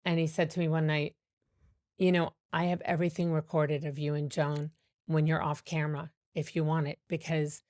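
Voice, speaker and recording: A woman comedian telling animated stories with many fillers and restarts in a podcast interview. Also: sits low, moderate pace, no echo, studio quality. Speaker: comedian guest.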